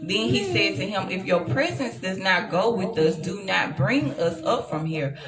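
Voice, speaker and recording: A woman's voice: expressive, moderate pace, over loud music. Emphatic woman teaching scripture. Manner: emphatic reading that swells into loud, high outbursts. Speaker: Bible teacher. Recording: echoey room with crowd noise.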